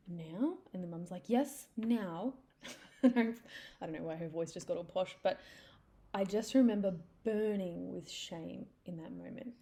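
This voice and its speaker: A young woman tells her own story on a podcast, frank and confessional. Her voice sits a little low and sounds mellow and soft-edged. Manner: candid and confessional, with some swearing. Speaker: podcast host. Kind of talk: personal storytelling monologue.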